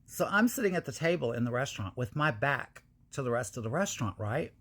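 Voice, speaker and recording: A woman hosting her own channel, telling a candid personal story to viewers in casual, animated talk with frequent swearing. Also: a bass voice, brisk, husky. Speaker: channel host.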